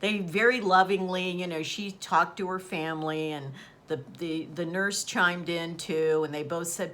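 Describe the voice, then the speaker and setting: A woman's voice: on the low side, fairly even intonation, unhurried, a bit bright. A woman host chatting casually as she retells a story, acting out quoted dialogue along the way. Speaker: channel host.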